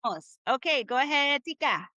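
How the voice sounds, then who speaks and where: A woman's voice: high voice, lively intonation, fairly quick, bright, forceful tone, no room sound, muffled recording. A woman teaching a live online Spanish class, upbeat and encouraging as she leads the group through repetition drills.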